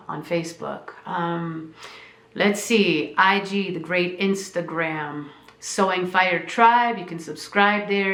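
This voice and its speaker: In an echoey room, a woman with a fairly low, fairly bright voice delivers a heartfelt podcast monologue. She's a podcast host and spiritual teacher, speaking with emotion and a trembling voice while repeating phrases the way a preacher would.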